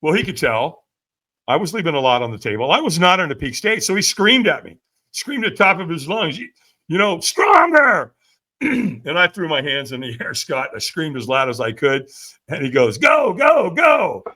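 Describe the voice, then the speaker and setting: Animated, bright-voiced storyteller man. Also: on the high side, moderate pace. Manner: vivid storyteller, frequent "right?" asides, acts out quotes. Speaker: podcast guest, firewalk instructor.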